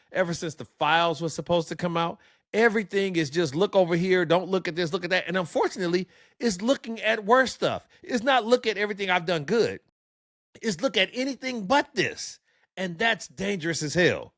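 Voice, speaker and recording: An impassioned male co-host arguing his point on a podcast. His voice sits high for a man. It is recorded dry and close, with no room sound. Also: a bit bright, no room sound. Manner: impassioned, builds arguments with examples. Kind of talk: heated podcast discussion.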